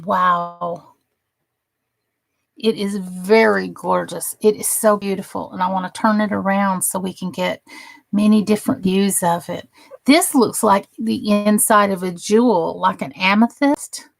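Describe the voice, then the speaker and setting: A woman's voice: medium pitch, steady tone, unhurried, vocal fry, no room sound. A woman hosting a casual crafting live stream, chatting with viewers and gushing over the crafts she shows. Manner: gushing and admiring, chatty asides.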